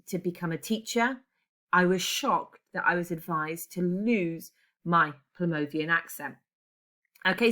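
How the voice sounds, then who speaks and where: A woman's voice: on the low side, sharp tone. A woman in her forties teaching a class, chatty and digressive, often correcting herself as she goes. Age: 40s. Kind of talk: classroom lesson.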